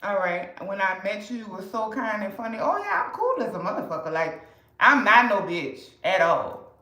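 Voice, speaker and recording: A woman's voice: mid-range voice, sing-song, normal speed, pushed and bright, echoey room, rough recording. A woman from New Orleans with a New Orleans accent, chatting bluntly and with lots of swearing on a livestream. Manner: blunt, profane, talkative. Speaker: live streamer selling to customers. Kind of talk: casual livestream chat.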